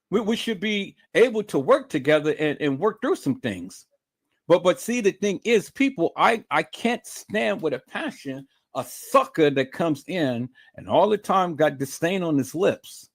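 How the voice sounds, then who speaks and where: Fired-up guy ranting on his livestream, aave, voice swings all over, kinda high for a man. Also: lively intonation, measured pace. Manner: angry, profane, repetitive, confrontational. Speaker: livestream host. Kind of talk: heated livestream rant.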